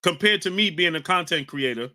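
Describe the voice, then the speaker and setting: A man's voice: a little high, lively intonation, fairly quick. A man hosting a live stream, reading out chat names and arguing hotly with viewers. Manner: combative, shouts out chat names. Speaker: livestream host reading chat. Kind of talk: heated live-stream talk.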